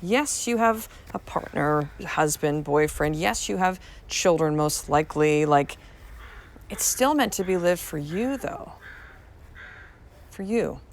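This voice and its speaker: Slowly and expressively, a low-voiced woman in her thirties hosts a casual motivational podcast from home on a podcast mic, with slight background noise. She talks frankly, swears casually and repeats herself for emphasis.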